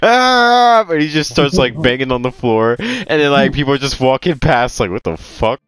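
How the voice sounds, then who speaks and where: A man's voice: mid-range voice, a little fast, clean tone, poor audio. A man chatting casually while playing a video game, giggling constantly, joking and swearing freely. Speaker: gamer. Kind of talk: casual chat while gaming.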